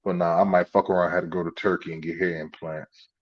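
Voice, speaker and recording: A man's voice: sits low, little pitch movement, fast, muffled recording. A man co-hosting a podcast in a laid-back, teasing way, leading into the next topic. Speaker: podcast co-host. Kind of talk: casual comedic chat.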